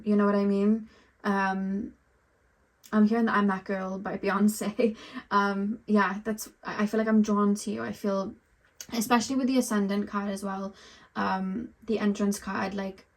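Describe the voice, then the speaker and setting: Woman, tarot reader, casual chatty delivery addressed to the viewer. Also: mid-range voice. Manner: chatty, frequent ums and likes, speaks straight to the viewer. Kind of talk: pick-a-card tarot reading, casual chat.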